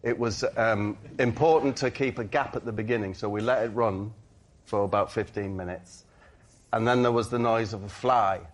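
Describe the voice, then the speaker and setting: A man guesting on a comedy panel show, telling a story in a slow, deadpan way. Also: fairly low pitch.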